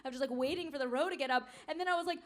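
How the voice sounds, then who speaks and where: A woman guest on a live comedy talk show, telling an animated story with frequent giggles. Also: sits high, racing. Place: live theater stage.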